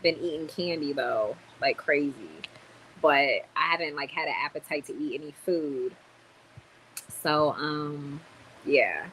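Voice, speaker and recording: A young woman vlogging casually on a livestream, tired and chatty, telling stories with sudden loud exclamations. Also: sits low, a little slow, slight background noise, low-quality recording.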